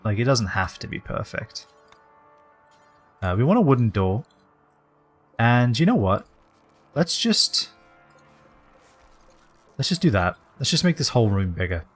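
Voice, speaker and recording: Lively man rambling over a game. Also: mid-range voice, unhurried, pauses often, faint music behind. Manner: rambling and jokey, drifting into put-on accents. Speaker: game streamer. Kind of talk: casual let's-play commentary.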